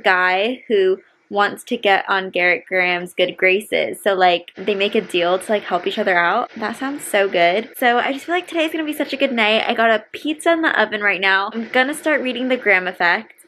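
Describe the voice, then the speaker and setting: A young woman talks through her reading at home in a bright, forward voice. She is excitable and chatty, piling on "like" as she gushes. A faint hiss of background noise sits under her voice. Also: on the high side. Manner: gushing, excitable, lots of "like". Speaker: book vlogger. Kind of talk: casual reading vlog chat. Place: home, cozy room with rain and fire ambience playing.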